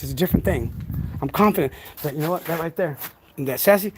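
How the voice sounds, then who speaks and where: A man's voice: a little high, quick pace, pauses often, a little hiss or hum. A man talking casually to camera about raising his dogs, rambling and preachy, with many restarts and fillers, outdoors. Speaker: dog breeder.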